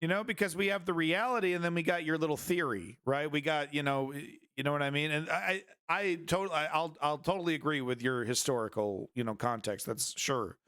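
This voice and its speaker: A man's voice: a little high, a little fast, few pauses, bright, forceful tone, clear, resonant tone, dry recording, clean studio sound. Rambling, crude-joking male stream host. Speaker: streaming news show host. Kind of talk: casual live-stream commentary.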